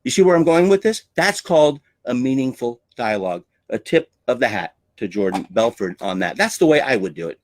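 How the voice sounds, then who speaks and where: A man's voice: medium pitch, sing-song, a little fast, hardly any pauses, no room sound. A man coaching on sales with a theatrical, emphatic way of talking. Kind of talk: teaching talk on selling.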